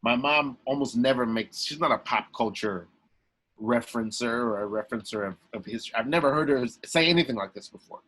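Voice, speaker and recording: A young man telling a story as a podcast guest, emphatic and lively, with many restarts. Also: mid-range voice, fast talker, a little hiss or hum, poor audio. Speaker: guest, actor and comedian. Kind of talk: animated storytelling in a podcast interview.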